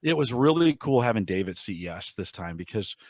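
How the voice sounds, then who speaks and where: A man's voice: fairly low pitch, sing-song, brisk, dry recording. A man hosting a podcast in casual, rambling chat with frequent restarts. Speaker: podcast host.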